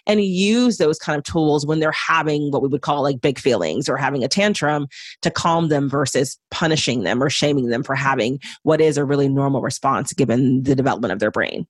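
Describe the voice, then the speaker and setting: A woman doula, the guest, explaining parenting calmly and evenly in a relaxed chat with many "like" fillers. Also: a bass voice, fairly quick, no room sound, studio quality. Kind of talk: casual podcast conversation.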